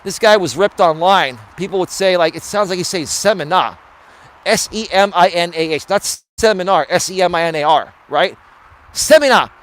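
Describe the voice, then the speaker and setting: A man's voice: high voice, fairly quick, few pauses, fairly bright tone. A man life coach talking bluntly to his live chat while walking outdoors around a building, streaming from his phone. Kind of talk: casual live-stream monologue.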